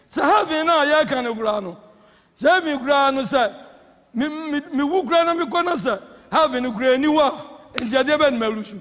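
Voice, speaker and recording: A man with a Ghanaian accent preaching a sermon as presiding elder, swinging between impassioned shouts and hushed tones. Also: extremely high pitch. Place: church hall. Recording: church hall with long reverb.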